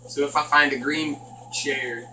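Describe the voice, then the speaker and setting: Guy freaking out over a horror game, kinda high bright voice, sitting back from the mic in an echoey room. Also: fairly even intonation, a little slow, distant mic, a little hiss or hum. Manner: jumpy, nervous and joking. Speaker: gaming channel host. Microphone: distant from the mic.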